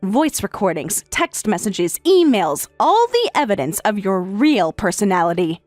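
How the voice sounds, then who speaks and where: A woman voicing a calm, sarcastic wife in a text-message story, speaking in a matter-of-fact way. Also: medium pitch, unhurried, dry recording, soft background music. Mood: cool, sarcastic. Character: calm, sarcastic wife who has left her husband.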